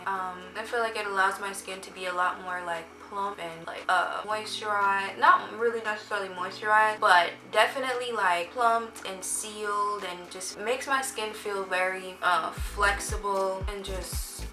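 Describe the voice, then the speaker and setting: A woman's voice: mid-range voice, far from the mic. A young woman with a polished Jamaican accent chats her way through a makeup storytime, wandering between thoughts and correcting herself as she goes. She sits well back from the mic in an echoey room, and music plays under her voice. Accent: Jamaican, prep-school polished. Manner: chatty and rambling, with frequent fillers and self-corrections. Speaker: beauty vlogger. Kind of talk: get-ready-with-me storytime chat.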